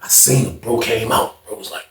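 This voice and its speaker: A man's voice: fairly low pitch, moderate pace, creaky, a crowd in the background. A man casually telling a storytime tale in slang, animating it with acted-out dialogue. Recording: roomy echo.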